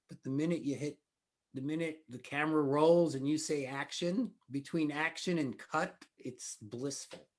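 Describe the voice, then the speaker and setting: A man in his sixties recounts on-set stories as a guest director in a laid-back interview. He slips into the voices of the people he quotes, at an everyday middle pitch. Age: 60s. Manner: anecdotal, acts out quoted dialogue. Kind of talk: relaxed interview storytelling.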